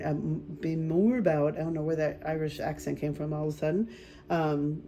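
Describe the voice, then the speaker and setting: Woman, spiritual medium, casual card reading, mellow voice, rambling with fillers. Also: deep voice, a little hiss or hum. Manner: rambling, thinks aloud, many fillers.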